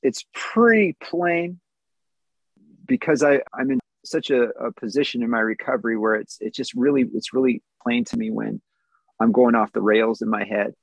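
A man's voice: medium pitch, husky, no echo, poor audio. A man in his thirties giving an earnest, candid personal testimony at a recovery meeting, answering questions with small self-deprecating laughs.

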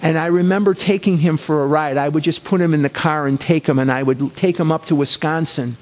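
Man telling his own story, earnest, repeats for emphasis, voice a touch high. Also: steady tone, a little fast. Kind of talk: personal storytelling talk.

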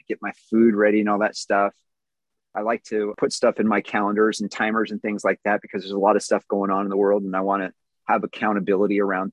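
A man's voice: fairly low pitch, no room sound, poor audio. A man in his thirties giving an earnest, candid personal testimony at a recovery meeting, answering questions with small self-deprecating laughs.

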